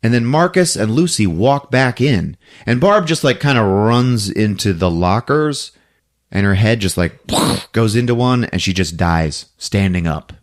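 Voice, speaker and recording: A man hosting a podcast, casually recapping a movie plot in an animated storytelling way, laughing often. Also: fairly low pitch, a little slow. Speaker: podcast host.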